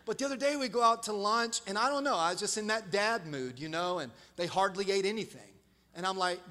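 A middle-aged pastor preaches in a high, bright, ringing voice. He tells lively stories and acts out quotes with big jumps in loudness. The sound carries a long reverb from a large church hall. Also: fast talker. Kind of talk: sermon.

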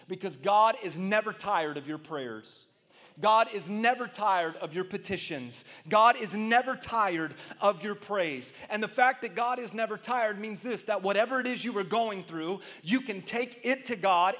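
High-pitched male pastor preaching with fervent call-and-response. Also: expressive, measured pace. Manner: call-and-response preaching, rising to loud emphatic peaks. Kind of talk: sermon.

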